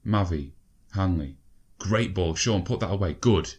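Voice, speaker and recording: A young man commentating on his own football management game, excitable, swearing and urging his players on. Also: deep voice, measured pace. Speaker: gaming video creator.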